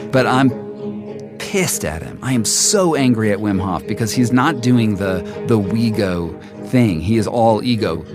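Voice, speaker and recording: Halting man telling his story. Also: fairly low pitch. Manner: halting, many restarts, animated retelling. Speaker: journalist, storyteller. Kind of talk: first-person storytelling interview. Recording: music underneath.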